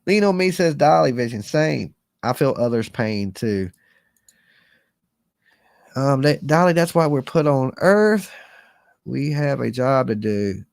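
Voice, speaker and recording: A man's voice: mid-range voice, lively intonation, slow pace, vocal fry, pauses often, dry recording. Earnest rambling man, dry close sound. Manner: rambling, earnest, folksy with slang. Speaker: live-stream host. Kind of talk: casual live-stream chat.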